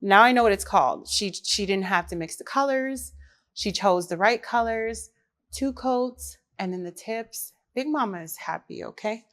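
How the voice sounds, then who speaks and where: A woman, a mother, hosting her own podcast in casual chat, talking lively and straight to the women listening. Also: medium pitch, normal speed. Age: adult mother. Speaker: podcast host.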